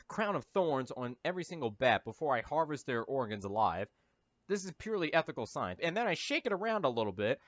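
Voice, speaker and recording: A man's voice: medium pitch, a bit bright, dry recording. A man giving rambling, jokey movie-riffing commentary as a YouTuber, full of silly asides and stumbling fillers. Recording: dull lo-fi sound, dry.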